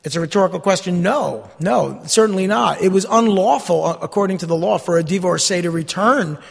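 A man's voice: high voice, a little fast, vocal fry, husky, big-room sound. A man preaching a sermon, reading scripture aloud and asking his listeners "Amen?". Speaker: pastor.

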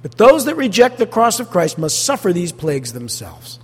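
A man preaching a sermon as pastor, animated and full of rhetorical questions to the congregation. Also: sits high, moderate pace, husky, in a large hall.

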